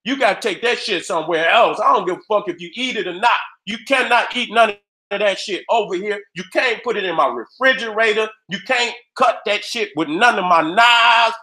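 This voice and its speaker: A man with a very high, bright, sharp-edged voice goes off in a loud, profane rant. He talks straight to his viewers in streetwise slang and keeps slipping into short acted-out exchanges. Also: normal speed. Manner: heated, streetwise, loud, acts out dialogues. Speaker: video host. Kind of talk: profane ranting commentary.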